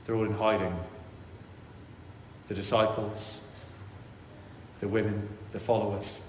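A man's voice: lowish voice, unhurried, a little hiss or hum. Man preaching in an echoey church. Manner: animated, voices worried inner thoughts. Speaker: priest. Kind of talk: sermon. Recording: echoey church with long reverb.

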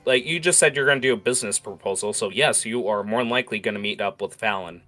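A man runs a tabletop role-playing game, describing the scene in a loose, filler-heavy way. His voice is lowish with a bright, forceful tone. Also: quick pace, faint music behind. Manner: loose narration full of "uh" and "like". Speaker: game master.

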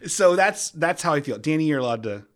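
A man's voice: fairly high pitch, fairly quick. A man hosting a casual comedic podcast, rambling and joking as he stumbles through his own sentences. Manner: rambling, animated, self-interrupting with jokey bits. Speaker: podcast host.

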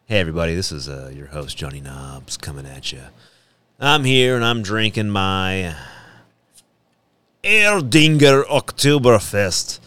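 A man's voice: low-pitched, moderate pace, pushed and bright, soft background music. A young man hosting a casual radio talk show, joking around and reading things aloud. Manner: jokey, reads aloud with a hammy mock German lilt. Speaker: podcast host.

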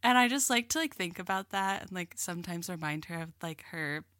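A woman's voice: fairly low pitch, lively intonation, brisk, sharp tone, no echo, studio quality. A young woman co-hosting a podcast, chatting casually with frequent fillers and laughter. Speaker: podcast co-host. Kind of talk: casual chat.

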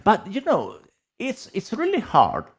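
A man's voice: high-pitched, wildly swooping pitch, measured pace, slightly rough. A man from Italy with an Italian accent, a guest in a casual podcast chat, sometimes searching for English words.

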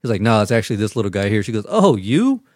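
A man's voice: fairly low pitch, flat delivery, very fast, no room sound, studio quality. A young man in his twenties telling a casual story on a podcast, laughing and swearing often. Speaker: podcast host. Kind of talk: casual chat.

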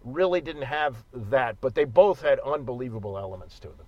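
A man's voice: medium pitch, expressive, normal speed, dry recording. A middle-aged man, a regular guest on a sports podcast, arguing his views in an emphatic, stubborn way. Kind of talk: casual sports talk. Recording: dry, slightly dull sound.

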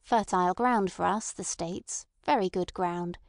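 A woman's voice: lowish voice, a little slow, no room sound, studio quality. A woman voicing a small, detached man who talks with lofty scorn and no feeling. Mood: scornful. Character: cold scornful small male bomb-maker.

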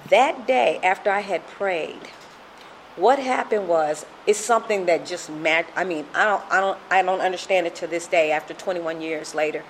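A woman's voice: on the low side, moderate pace, a little hiss or hum, poor audio. Earnest woman telling her testimony. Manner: earnest, storytelling with acted-out quotes. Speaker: speaker sharing a recovery story. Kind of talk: personal testimony.

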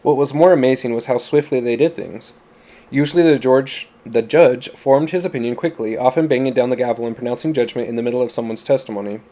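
A man narrating a story in a steady, plain storytelling manner. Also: medium pitch, fast. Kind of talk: audiobook narration.

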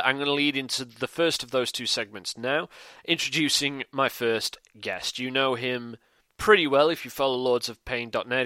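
A man's voice: mid-range voice, pushed and bright, no room sound. A man hosting a podcast, talking in a chatty, rambling way. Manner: chatty, rambling, upbeat plugs. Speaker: podcast host. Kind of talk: casual podcast chat.

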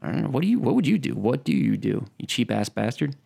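A man's voice: medium pitch, very animated, quick pace, gravelly, dark tone. A man co-hosting a podcast, joking and swearing in loose, mock-sincere banter. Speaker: podcast co-host. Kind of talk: casual banter.

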